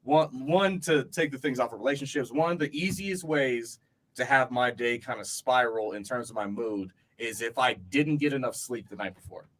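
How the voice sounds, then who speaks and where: A man's voice: mid-range voice, animated, normal speed, a bit bright. A man co-hosting a casual podcast chat, rambling with lots of fillers and laughing easily. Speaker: podcast co-host.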